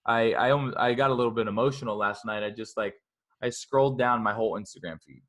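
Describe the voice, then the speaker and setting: A man in his twenties, a podcast guest, talking in a rambling, energetic way full of "like" and quick self-talk. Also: mid-range voice. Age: 20s. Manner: energetic, rambling, heavy use of "like"; self-talk in a scolding inner voice. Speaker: interview guest. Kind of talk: casual podcast conversation.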